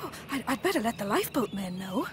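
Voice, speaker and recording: A British woman presenting children's TV and telling a story in an expressive, playful way. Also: fairly high pitch, fast.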